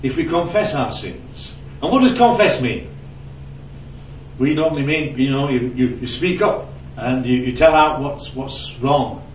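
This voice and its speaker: Distant preacher in an echoey hall. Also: male voice, medium pitch, lively intonation, measured pace, slight background noise. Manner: conversational, asks the audience questions and tells anecdotes. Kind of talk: sermon. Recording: roomy, distant, dull lo-fi sound with faint ambience.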